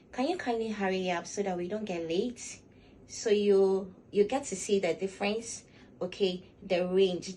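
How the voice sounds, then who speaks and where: A woman giving measured, instructive lifestyle advice to camera. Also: medium pitch, darkish tone, slight background noise, low-quality recording. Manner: measured and instructive, often recaps with "all right". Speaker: lifestyle vlogger. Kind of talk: casual advice talk to camera.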